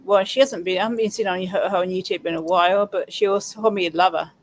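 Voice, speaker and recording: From Suffolk, England, this man co-hosts a casual livestream chat, patiently explaining things and laughing often in his Suffolk English accent. His voice is high-pitched, fast, and steady in tone.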